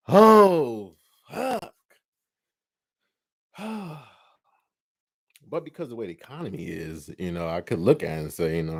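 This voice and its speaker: A man hosting a live stream, talking casually and profanely, animated and laughing often as he acts out scenes. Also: medium pitch, no room sound, studio quality. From California.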